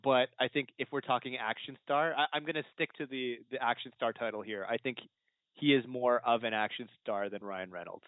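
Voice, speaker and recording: Guest debater, male, mid-pitched, laughs a lot, hesitant, dry phone-like audio. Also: fairly even intonation, brisk, no echo. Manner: laughs often, hesitant restarts. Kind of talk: casual chat. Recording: tinny phone-like line.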